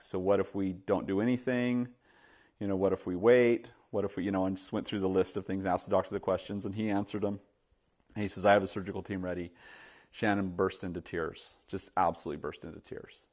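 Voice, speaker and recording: A male pastor delivering a sermon in a fairly low voice. He tells stories and plays out the dialogue, peppering his talk with "you know", and climbs higher and louder when he drives a point home. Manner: storytelling, acts out dialogue, rises loud and high when stressing points; many fillers like "you know".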